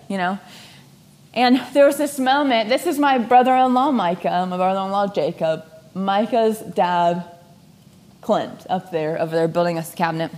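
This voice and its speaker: A young woman telling a personal story in a lively, laughing way, acting out the voices of the people she quotes. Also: medium pitch, moderate pace. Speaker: speaker sharing a personal story. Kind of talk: storytelling talk.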